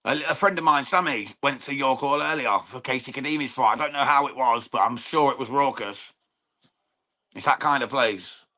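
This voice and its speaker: A man's voice: medium pitch, normal speed, pushed and bright. An English man hosting a live boxing watchalong, chatting casually with viewers, calling mate often, swearing freely and commenting on the fight. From England. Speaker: watchalong stream host.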